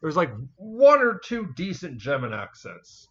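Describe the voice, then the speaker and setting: A man's voice: high voice, wildly swooping pitch, unhurried, fairly bright tone. A man hosting a casual podcast chat, rambling and swearing freely with lots of fillers. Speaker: podcast host. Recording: muffled lo-fi home recording.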